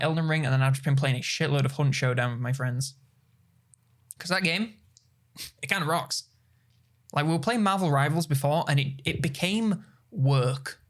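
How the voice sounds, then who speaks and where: A man co-hosting a gaming podcast in casual chat, joking, laughing and swearing freely. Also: fairly high pitch. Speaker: podcast co-host.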